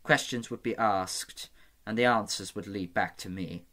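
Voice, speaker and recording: A soft-spoken eunuch spymaster, read by a man in a fantasy audiobook. Courteous and wry, he sounds smooth and unhurried, sitting a little low in pitch. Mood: sly.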